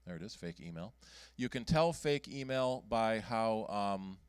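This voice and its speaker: Low, clear-voiced man, halting presenter. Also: expressive, no echo. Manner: halting, many ums and restarts. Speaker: computer club presenter. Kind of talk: casual meeting talk. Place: meeting room.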